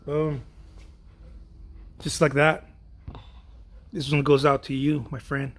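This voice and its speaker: A man's voice: on the high side, little pitch movement, slow. A man chatting playfully and boastfully while he paints in his art studio, humming to himself between remarks. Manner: playful, boastful, hums and sings while working. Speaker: artist painting on a livestream. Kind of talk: casual chat while painting.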